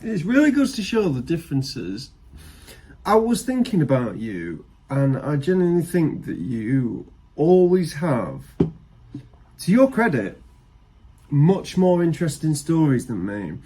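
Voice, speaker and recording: A man's voice: a little high, unhurried, breathy edge. A young man co-hosting a podcast, joking and teasing his friend in casual banter. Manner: teasing banter with a lively swooping delivery. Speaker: podcast co-host.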